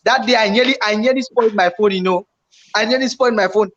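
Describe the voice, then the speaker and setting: A man telling a story in casual chat, animated and repetitive as he acts out his own panicked remarks. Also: sits high, fast. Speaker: YouTuber co-host. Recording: slightly dull lo-fi home recording.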